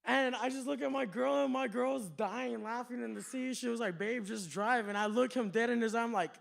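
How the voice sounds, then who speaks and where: Rambling and profane, a stand-up comic in a comedy club tells stories and slips into quoted voices. He has a very high-pitched, gravelly voice and talks a little fast.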